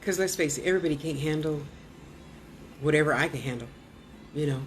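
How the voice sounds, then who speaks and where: A woman's voice: low-pitched, fairly quick, a little hiss or hum. A woman vlogger and spiritual teacher telling a personal testimony in a chatty way. She acts out other people's lines, drops into whispers and fills her talk with "you know" asides. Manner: animated, acts out quoted voices and drops to a whisper. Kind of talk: casual storytelling testimony.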